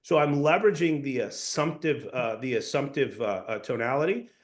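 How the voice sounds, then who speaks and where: A man's voice: medium pitch, normal speed. A man leading a sales coaching session, explaining points in an instructive way and often repeating or restarting phrases. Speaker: sales trainer.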